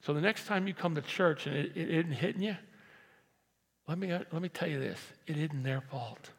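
Gravelly-voiced pastor preaching in a hall. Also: male voice, fairly high pitch, moderate pace. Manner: conversational preaching that swings from quiet asides to loud emphatic repetition. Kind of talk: sermon. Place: large church hall. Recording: long reverb of a church hall.

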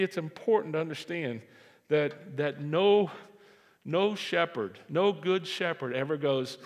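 Gravelly pastor preaching in an echoing hall. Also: male voice, on the high side, a little slow. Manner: animated, repeats phrases for emphasis. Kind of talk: sermon. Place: church sanctuary. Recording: reverberant hall.

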